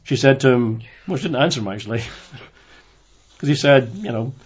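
A man giving an informal Bible study, reading verses aloud and then commenting on them in a relaxed, conversational way. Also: medium pitch, moderate pace, husky, dull audio. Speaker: Bible teacher.

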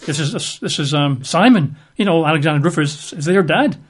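A man's voice: fairly high pitch, animated, a little fast, breathy edge. A male preacher teaching through a Bible passage in a conversational sermon, explaining it with casual asides.

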